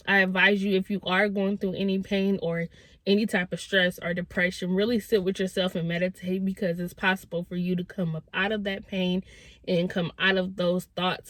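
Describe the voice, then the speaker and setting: A woman's voice: on the low side, a bit bright, dry recording. Earnest woman vlogger, dry close sound. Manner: earnest, emotional, addresses viewers as y'all. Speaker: vlogger sharing personal advice. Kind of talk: spontaneous heartfelt talk to camera.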